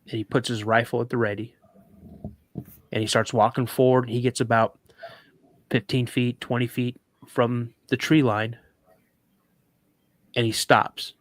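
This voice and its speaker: Brief: male talk show guest, dramatic storyteller, stammers, mid pitch, dry sound. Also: flat delivery, measured pace, long pauses, dry recording. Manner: vivid, dramatic retelling with stammered restarts.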